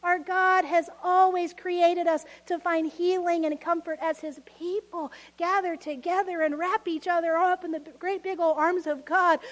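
High-voiced woman preaching a sermon. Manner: expressive, acts out voices of people from the story, laughs often.

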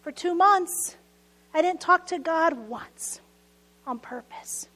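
A woman pastor preaching a sermon, reading scripture with loud emphasis and dropping to hushed, whispered asides. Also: extremely high pitch, slow.

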